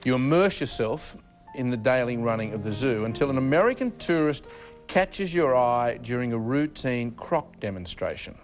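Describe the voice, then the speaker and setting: A man's voice: medium pitch, big pitch swings, normal speed. A man hosting a TV tribute show, reading formal narration and interviewing guests. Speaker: TV host. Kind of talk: scripted tribute presenting and interviewing. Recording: TV studio with live audience and music.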